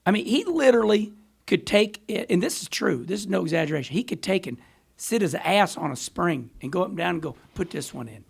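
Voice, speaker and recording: Middle-aged male guest, high gravelly voice, animated storyteller. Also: brisk. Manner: animated, rambling storyteller who laughs often. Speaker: podcast guest, former racer. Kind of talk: storytelling in casual chat.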